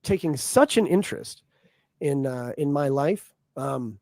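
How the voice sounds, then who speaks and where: A man in a played clip, talking to his stream chat in a hesitant, measured way. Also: medium pitch, expressive, gravelly, a little mellow, dry recording. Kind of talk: casual talk to a stream chat.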